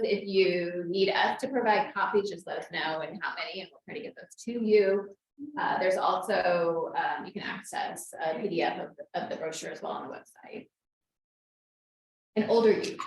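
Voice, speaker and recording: A woman giving practical, informal announcements at a meeting. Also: fairly low pitch. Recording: distant echoey room with faint ambience.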